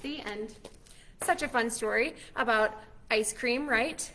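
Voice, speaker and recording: A woman's voice: on the high side, slow, sharp tone, a little hiss or hum. A young adult woman, a children's librarian, cheerfully leading kids through a cooking demo and storytime. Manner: cheerful, encouraging, talks straight to kids.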